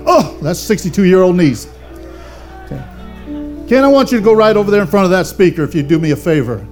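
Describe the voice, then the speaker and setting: A man's voice: sits high, lively intonation, a little fast, darkish tone, soft background music. An older man, a pastor, preaching a fervent sermon and calling on the congregation for amens. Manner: fervent preaching with call-and-response.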